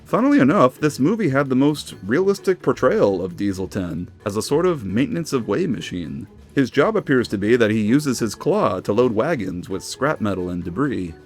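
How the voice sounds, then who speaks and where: A man's voice: mid-range voice, moderate pace, hardly any pauses, soft background music. A man hosting a video essay, narrating in a casual, enthusiastic way. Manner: enthusiastic, animated.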